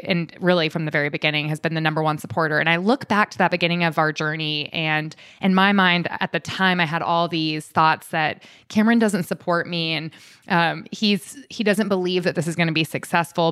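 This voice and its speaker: A woman's voice: on the low side, fairly bright tone, clean tone, dry recording, clean studio sound. A woman co-hosting a podcast, telling stories in an upbeat, casual way and acting out quoted dialogue. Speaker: podcast co-host. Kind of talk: casual chat.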